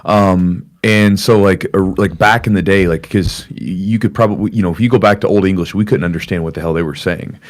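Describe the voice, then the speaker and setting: A man's voice: low-pitched, fairly quick, few pauses. A man hosting a podcast in a small upstairs room, rambling casually with lots of fillers. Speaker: podcast host.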